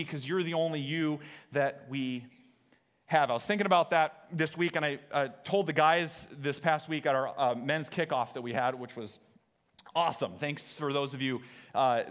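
A man's voice: fairly high pitch, normal speed, fairly bright tone. A man preaching a sermon from a church stage, talking in a conversational, joking way and quizzing the congregation. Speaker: pastor.

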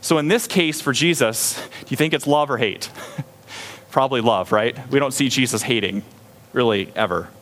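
A man's voice: mid-range voice, moderate pace, fairly bright tone. A man preaching a sermon in a conversational way, acting out little scenes with a raised voice. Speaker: pastor.

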